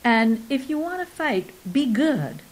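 A woman's voice: sits high, unhurried, voice pushed up, heavily acted, rough recording. A woman reading aloud, voicing a weary, reclusive older man who turns coldly threatening. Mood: quietly menacing. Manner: quiet, controlled, deadly calm. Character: weary older man turned quietly menacing.

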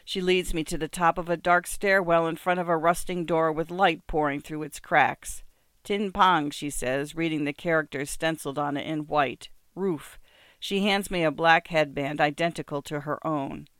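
A narrator giving a measured, descriptive first-person reading of a literary story. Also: mid-range voice, steady tone, a bit bright, no room sound, studio quality. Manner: measured, descriptive, smooth delivery.

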